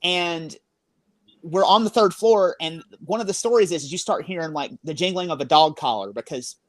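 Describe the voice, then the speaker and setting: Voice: mid-range voice, moderate pace, dry recording. A speaker tells a ghost encounter in an awed, rambling way, leaning on fillers. The voice is mid-range and dry, with no room sound. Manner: filler-heavy, awed storytelling. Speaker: paranormal investigator guest. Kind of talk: casual storytelling in a podcast interview.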